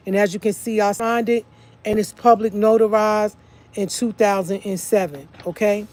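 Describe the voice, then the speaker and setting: A woman's voice: medium pitch, steady tone, moderate pace, darkish tone. A woman speaking in a casual monologue to viewers. She keeps stressing her points, often asking "okay?" and repeating "like I said.". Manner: emphatic, repeats "okay?" and "like I said" to listeners. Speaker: online video speaker.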